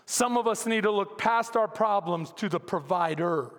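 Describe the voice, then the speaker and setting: High-voiced pastor preaching in a reverberant hall. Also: male voice, normal speed. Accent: Texan. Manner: humorous storytelling, acts out dialogue, calls for amens. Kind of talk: sermon.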